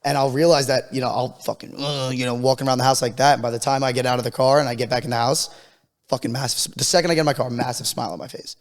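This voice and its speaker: A man's voice: medium pitch, steady tone, very fast, in a large hall. A man co-hosting a podcast in casual chat. He is laid-back, swears freely and repeats words for emphasis. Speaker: podcast co-host.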